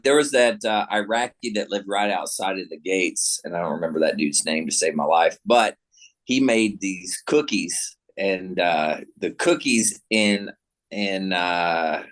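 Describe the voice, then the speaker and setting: Laughing, animated male storyteller. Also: low voice. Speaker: veteran, panel member. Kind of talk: casual storytelling chat.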